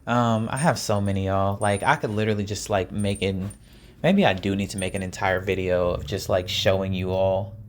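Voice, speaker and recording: A man's voice: low voice, fairly even intonation, moderate pace. Man, solo podcast host, casual chat, playful, talks straight to listeners, jokey asides. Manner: jokey asides with laughs and sighs.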